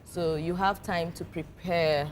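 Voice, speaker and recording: A woman's voice: lowish voice, steady tone, slow, a little hiss or hum. A young woman, a guest actress on a talk show, speaking frankly and playfully and laughing often. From Nigeria. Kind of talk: casual talk show interview.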